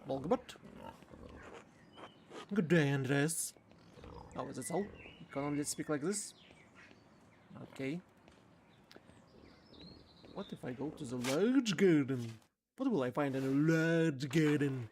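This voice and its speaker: Streamer reading game text out loud, thinking aloud, stumbles over words, faint noise behind. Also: mid-range voice, lively intonation, slow, pauses often. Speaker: streamer playing a narrative game. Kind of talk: casual let's-play commentary, reading game text aloud.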